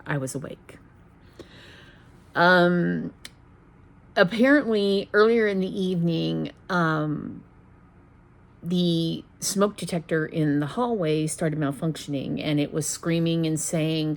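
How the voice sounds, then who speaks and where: A middle-aged woman hosting a stitching vlog, telling a personal story in a rambling, casual way with many pauses and restarts. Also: fairly low pitch. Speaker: flosstube host.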